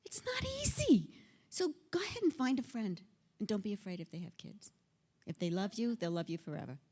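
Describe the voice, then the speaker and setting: An older woman delivers a conference keynote with a lively voice that swoops up and down. She is theatrical and teasing, dropping into character whenever she acts out the people she quotes. The talk comes across like a stage address to a live audience. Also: medium pitch, a little fast. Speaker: keynote speaker. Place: conference hall before an audience.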